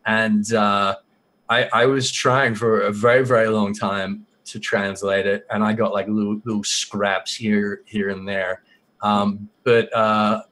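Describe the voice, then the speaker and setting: A man chatting as a guest on a gaming podcast, excitable and casual, swearing freely and filling pauses with ums. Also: on the low side. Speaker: guest lore expert.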